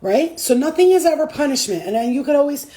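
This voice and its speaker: A woman's voice: sits high, animated, fast, dark tone. A woman in a casual spiritual vlog, talking loosely and with lots of swearing, often laughing and acting out voices as she tells her story. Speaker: spiritual reader.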